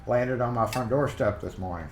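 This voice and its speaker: A man's voice: medium pitch, moderate pace, a little hiss or hum. A Southern man hosts a laid-back live-stream chat, rambling from one thought to the next and greeting viewers by name. His mid-range voice rings a little in a roomy space. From Mississippi, USA. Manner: chatty, rambling, reads chat comments aloud. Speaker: livestream host. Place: home workshop. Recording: roomy echo.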